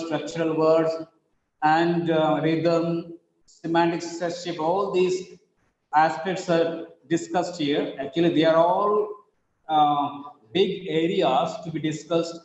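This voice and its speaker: A man with an Indian English accent teaching English stress patterns in an online class, speaking slowly and repeating example sentences with shifting emphasis. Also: high voice. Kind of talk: online lecture. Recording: echoey, muffled online call audio.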